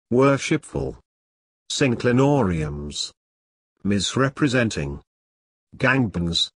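A man reads a vocabulary list one word at a time, leaving a pause after each. His voice is low and husky, and his pitch moves freely between words. The delivery is very slow and the sound is dry and close. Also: a bit bright, dry recording. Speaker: vocabulary reader. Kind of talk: reading a word list aloud.

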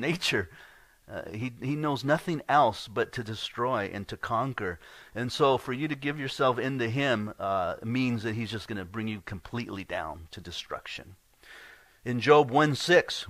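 A man's voice: medium pitch, fairly bright tone, no room sound. A man preaching a sermon as pastor, earnest and conversational, often restarting his words.

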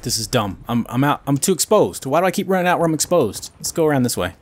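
A man giving casual, self-mocking commentary over his own gameplay, with excitable outbursts and muttering. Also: medium pitch, fast talker, a little hiss or hum. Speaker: gaming commentator.

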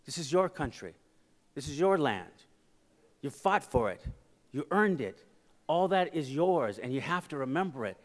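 A man giving a conference keynote, telling personal stories and moving between quiet passages and loud, emphatic ones into a podium microphone. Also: on the high side, big pitch swings, normal speed, pauses often. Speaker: keynote speaker. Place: conference hall with audience. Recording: reverberant conference hall. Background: audience laughter.

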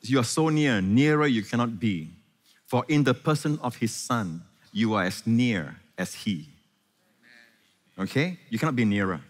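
A man preaching a sermon as pastor, animated, often asking the congregation questions and calling for amens. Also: medium pitch, long reverb tail.

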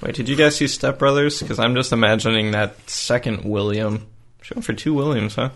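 A man co-hosts a casual podcast in a bright, medium-pitched voice. He drops in quick, playful quips. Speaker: podcast co-host. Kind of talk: casual chat.

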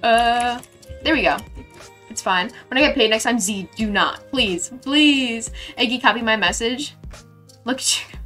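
A woman's voice: fairly high pitch, unhurried, pushed and bright, faint music behind. A young woman live streamer chatting casually while building in a game, bubbly and playful, gushing thanks to her viewers.

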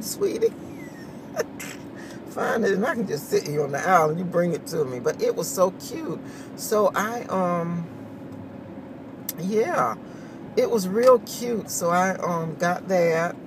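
A woman chatting casually to her viewers, laughing often and saying y'all, recorded on a phone camera. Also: medium pitch. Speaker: vlogger. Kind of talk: casual morning chat to viewers. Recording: distant phone mic with steady noise.

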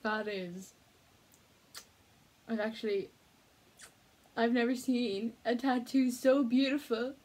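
A young woman chatting casually to the camera, excitable and giggly, slipping between bubbly chatter and hushed asides. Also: on the high side, slow, pauses often, rough recording. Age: young adult. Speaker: art student vlogger.

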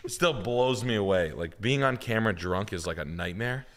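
A man's voice: fairly low pitch, lively intonation, normal speed. A man co-hosting a podcast, riffing loosely and with profanity on house listings in casual commentary. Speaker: podcast co-host. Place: podcast studio.

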